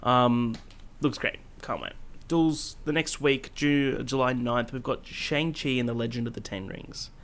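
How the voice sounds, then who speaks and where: A man with a mid-range voice co-hosts a casual podcast chat. He sounds eager and excitable and swears for emphasis. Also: mid-range voice, a little slow. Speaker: podcast co-host.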